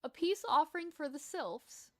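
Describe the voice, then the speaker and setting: A woman's voice: sits high, expressive, normal speed, a little mellow, dry recording, pitched above the performer's own voice. A woman with a lisp reading aloud the lines of a formal game quest giver, stumbling now and then. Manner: read aloud with stumbles and restarts.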